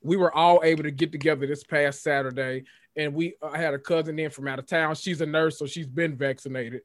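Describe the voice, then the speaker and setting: A man co-hosting a podcast, chatting casually in a slangy, animated way and laughing easily. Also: a little high, brisk, no echo, studio quality. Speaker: podcast co-host. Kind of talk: casual chat.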